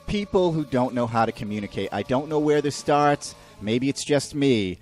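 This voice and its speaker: Ranting New male host, very expressive pitch, swears freely, mocks with silly voices, light music bed. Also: normal speed. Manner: profane, animated ranting with mocking put-on quotes. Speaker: podcast host. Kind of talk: ranting comedic monologue.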